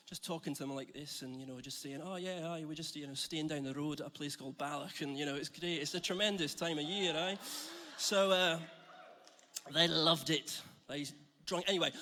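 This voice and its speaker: A man's voice: fairly high pitch, pushed and bright. A man giving a chatty, joking sermon to a church, telling stories with self-deprecating humour. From Scotland. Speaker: church speaker. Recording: reverberant hall.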